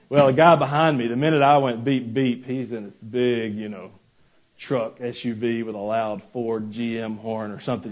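A man's voice: medium pitch, darkish tone, dull audio. A man preaching a sermon as pastor, mixing scripture with folksy personal stories and asides to the congregation.

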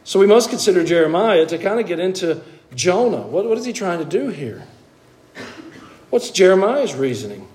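Animated preacher with a mellow voice. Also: male voice, normal speed. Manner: animated, swings between hushed asides and emphatic high exclamations. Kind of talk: sermon.

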